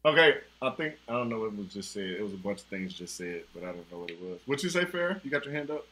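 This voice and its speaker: Host: man, bright forceful tone, lively delivery, playful teasing, video call. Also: fairly low pitch, quick pace, a little hiss or hum. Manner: laughs often, teasing and playful. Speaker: trivia host. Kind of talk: casual online game hosting. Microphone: video call mic.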